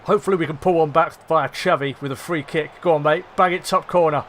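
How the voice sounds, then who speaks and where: A young man commentating live on his football management game, swearing and shouting at his players. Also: a little high, fairly even intonation, quick pace, a little hiss or hum. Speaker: gaming commentator.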